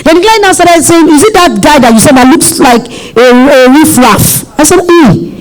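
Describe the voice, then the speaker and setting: A woman's voice: high voice, lively intonation, normal speed, rough recording. A woman, an event planner, answering an audience question at a seminar in a direct, reassuring way. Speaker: event planner speaking on a panel.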